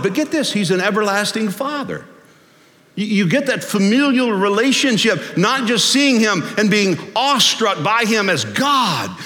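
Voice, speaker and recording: A man preaching a sermon as pastor, folksy and animated, swinging from loud to hushed. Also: high voice. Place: church sanctuary. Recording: long hall reverb.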